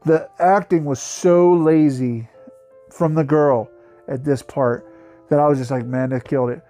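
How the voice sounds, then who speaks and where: A man's voice: a little high, steady tone, a little slow, mellow. A man hosting his own channel, giving a casual, profane, mocking review of a bad movie. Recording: faint music behind the voice.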